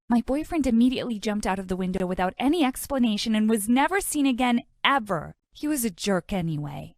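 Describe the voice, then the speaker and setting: A woman narrating a scripted storytime in an animated, dramatic manner. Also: on the high side, fairly quick, hardly any pauses, no room sound, clean studio sound.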